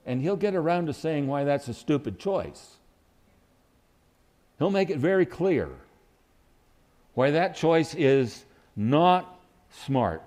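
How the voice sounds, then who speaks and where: A man's voice: mid-range voice, mellow. A man preaching a sermon who acts out quoted lines with sudden rises and dips in his voice.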